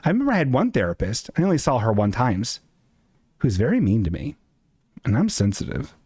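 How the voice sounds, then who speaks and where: Streamer host, male, self-mocking ranter, lively pitch, dry close mic. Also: brisk, breathy edge, dry recording. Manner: animated, self-mocking, jumps into high squeaky voices for quotes. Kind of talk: casual live-stream rant. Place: apartment.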